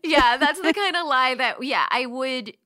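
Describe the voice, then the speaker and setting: Host: rambling, chatty woman, bright and slightly high, dry close-mic sound. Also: animated, measured pace, no echo. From Southern California. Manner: chatty, rambling with many restarts and fillers. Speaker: podcast host. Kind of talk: casual panel chat.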